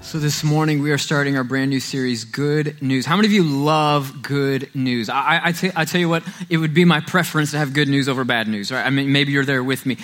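A man preaching as a pastor speaks briskly, with hardly any pauses, in a mid-range, slightly bright voice with fairly even intonation. He tells stories conversationally and keeps checking in with "right?"

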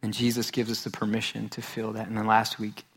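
A man's voice: on the low side, completely flat delivery, brisk, a bit bright, breathy edge. A man in his thirties preaching a sermon in an earnest way, repeating phrases for emphasis. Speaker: pastor.

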